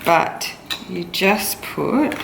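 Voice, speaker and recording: A woman's voice: lowish voice, animated, very slow, creaky. A tired, weak-sounding young Australian woman chatting straight to her viewers in a casual daily vlog, recorded on a handheld camera. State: tired and weak after illness. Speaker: vlogger. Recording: noisy handheld vlog audio.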